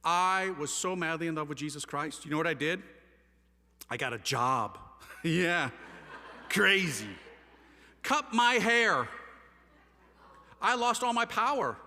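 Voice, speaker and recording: Man with a fairly high voice, passionate testimony speaker, slangy and animated, reverberant hall. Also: moderate pace. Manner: animated, slangy storytelling with wide swings of loudness. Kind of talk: impassioned testimony talk to a live audience.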